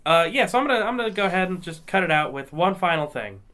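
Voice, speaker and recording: A man's voice: high-pitched, expressive, fast talker, pushed and bright. A man co-hosting a casual podcast, rambling with many restarts. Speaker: podcast co-host. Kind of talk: casual chat.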